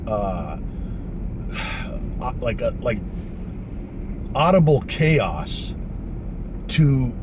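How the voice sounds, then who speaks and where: Profane ex-paratrooper telling a story. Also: male voice, medium pitch, normal speed, noisy background. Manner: profane, conversational, lots of "man" and "you know". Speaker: vlogger, former paratrooper. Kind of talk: casual storytelling.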